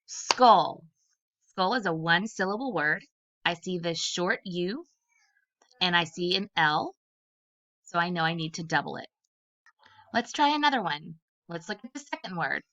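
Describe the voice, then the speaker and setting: A woman literacy specialist teaching a phonics lesson to young children, speaking clearly and deliberately and sounding out letters one at a time. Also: on the low side, sharp tone. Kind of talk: early-grade phonics lesson. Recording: dull lo-fi sound.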